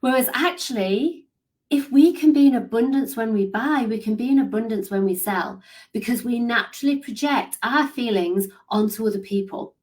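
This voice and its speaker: A woman's voice: a little high, moderate pace, a little mellow. A woman leading a live coaching session, upbeat and encouraging, reading out comments. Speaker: business coach.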